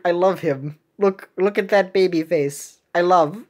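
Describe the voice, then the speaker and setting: A woman's voice: on the low side, a little slow, few pauses, a little mellow. A woman hosting a game video who chats casually about the cutscenes, musing and trailing off with ums.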